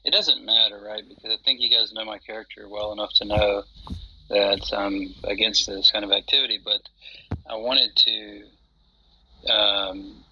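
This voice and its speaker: A man's voice: fairly low pitch, steady tone, measured pace, bright, forceful tone, slight background noise. A man chatting casually on an audio call, rambling with many fillers and restarts. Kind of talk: casual chat. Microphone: phone on an audio chat app. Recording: dull lo-fi app audio.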